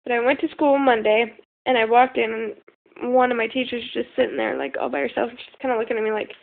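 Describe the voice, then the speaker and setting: Young woman rambling through a story, high voice w vocal fry, lots of um and like. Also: steady tone, fast. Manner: rambling with many fillers and some swearing. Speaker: vlogger. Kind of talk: casual storytelling. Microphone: phone. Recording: tinny lo-fi phone recording.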